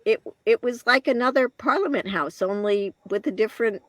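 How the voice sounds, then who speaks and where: A woman in her later years, a guest telling a personal story in an interview, reflective and halting, with restarts and soft laughs. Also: fairly high pitch, dry recording.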